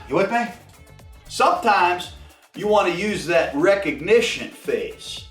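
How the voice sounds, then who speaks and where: A man in his sixties coaching quarterbacks in a film room, animated and profane, shouting out snap counts and cadences. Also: sits high, unhurried, far from the mic. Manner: profane, drill-sergeant bark. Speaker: football coach. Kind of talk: coaching session. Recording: echoey room, mic from afar, faint music.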